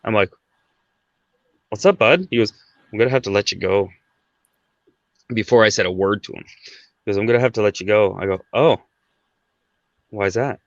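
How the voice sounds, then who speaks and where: A man's voice: lowish voice, fairly even intonation, fast, pauses often, dry recording, muffled recording. A man in his thirties from Canada, guest on a podcast, telling a personal story in a casual, chatty way, often tagging sentences with "right?". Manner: conversational, fillers like "right?" and "like".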